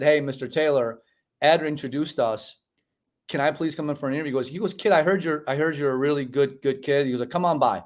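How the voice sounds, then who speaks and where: A man in his forties, a guest telling his story in a casual interview over a video call, acting out voices and saying "bro" and "man". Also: on the high side. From United States (Chicago). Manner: animated storyteller, acts out quoted dialogue, says "bro" and "man". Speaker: podcast guest.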